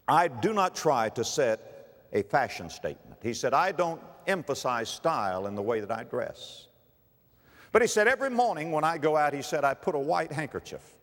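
A man preaches with a fairly high, very animated voice. He swings from ringing emphasis to hushed, low passages, and his voice trails off in the long reverb of a large hall. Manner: dramatic preaching with sudden drops to a hushed, low delivery. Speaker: pastor. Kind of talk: sermon.

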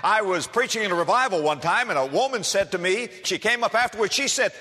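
A man's voice: sits high, animated, fast talker, sharp tone. A man preaching a sermon in a folksy storytelling manner, with humor, addressing listeners as friends. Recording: reverberant hall.

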